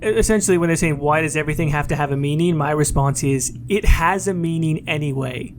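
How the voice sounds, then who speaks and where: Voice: medium pitch, fast, a little hiss or hum. A podcast co-host talking through ideas thoughtfully in a casual chat. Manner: thoughtful, reflective.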